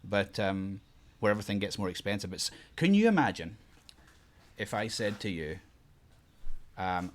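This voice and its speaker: A middle-aged man co-hosting a casual family podcast chat. He talks in a halting, self-deprecating way and explains things patiently to children. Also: on the low side, lively intonation. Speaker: podcast co-host.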